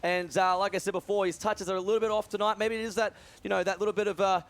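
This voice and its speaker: A young man doing live esports commentary, energetic and full of fillers. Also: high-pitched. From Australia. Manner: fast, energetic, many fillers. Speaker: esports commentator and event organizer.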